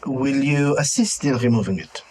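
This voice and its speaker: A man's voice: medium pitch, darkish tone, lightly acted, poor audio. Man playing a formal adventurer with French words. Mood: grave. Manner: measured, formal, hesitant with fillers.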